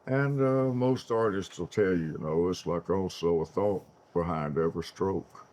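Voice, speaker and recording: An older man, a guest talking slowly and reflectively about painting. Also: low voice, a little mellow. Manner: slow, reflective, trails off. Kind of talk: casual conversation.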